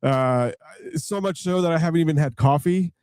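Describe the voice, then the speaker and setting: A man co-hosting a radio show, joking and teasing with halting fillers. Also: a little high, darkish tone, clean tone, no echo. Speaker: radio co-host. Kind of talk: casual radio banter.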